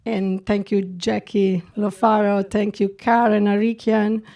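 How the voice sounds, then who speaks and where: A woman's voice: mid-range voice, little pitch movement, unhurried, vocal fry, warm tone. A middle-aged woman from Italy, speaking English with an Italian accent and answering questions earnestly after a film screening, with frequent restarts. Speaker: film director. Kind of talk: festival Q&A.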